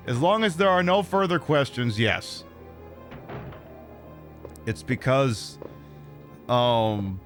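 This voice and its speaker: A man's voice: medium pitch, fairly bright tone. A man with a North Jersey accent giving casual, joking and profane commentary while streaming a game. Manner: profane, joking, talks to chat.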